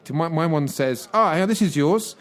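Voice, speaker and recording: A man playing a pale, fanged, old-fashioned male vampire in an improvised radio comedy sketch, rambling and deadpan. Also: on the high side, normal speed, close to an everyday voice.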